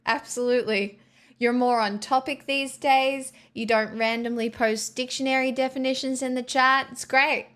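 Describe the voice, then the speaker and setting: A woman hosts a live stream from home, talking to her chat in a casual, sarcastic and playful way. Her voice sits fairly high, and she speaks into a desk microphone. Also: steady tone, normal speed, a bit bright. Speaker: livestream host.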